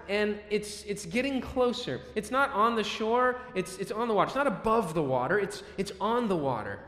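Dramatic preacher in an echoey hall. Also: male voice, sits high, lively intonation, normal speed, hardly any pauses. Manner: dramatic storytelling with sudden loud and soft swings. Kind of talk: expository sermon. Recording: echoey hall with long reverb.

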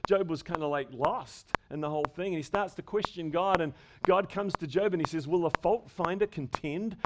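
A man's voice: on the high side, fairly quick. Emphatic preacher man, noisy recording. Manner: emphatic, asks the congregation rhetorical questions. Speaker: pastor. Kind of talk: sermon. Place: church service before a congregation. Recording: loud background noise with clicks.

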